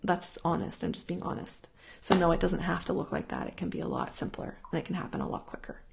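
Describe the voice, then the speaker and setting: A woman's voice: on the low side, sing-song, fast talker, gravelly, heavy background noise. A woman hosting a casual live talk, answering viewers in a rambling, earnest way that keeps circling back and repeating itself. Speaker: host answering viewer questions.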